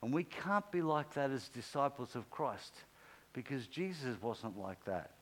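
A man's voice: animated, a little slow, a little hiss or hum, low-quality recording. Man preaching a conversational sermon. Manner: conversational, acts out quoted speech with pitch swings. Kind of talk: informal sermon.

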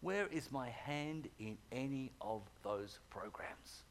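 A man voicing God, hushed and stern. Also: medium pitch, lively intonation, slight background noise, voice pushed down. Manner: hushed and deliberate. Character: God, calm stern male divine voice.

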